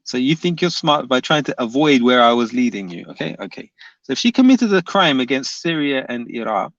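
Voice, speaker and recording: A man's voice: mid-range voice, big pitch swings, brisk, dry recording. Male livestream host, casual debate, insistent and repetitive, muffled lo-fi mic. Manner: pressing, repeats questions, reads chat aloud. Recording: dull lo-fi dry sound.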